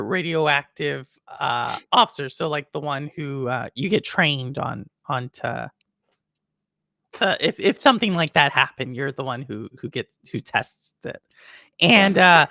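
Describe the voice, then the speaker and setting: Lively, bright-voiced woman podcast host. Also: lowish voice, dry recording, studio quality. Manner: rambling, filler-heavy storytelling. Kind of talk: casual chat.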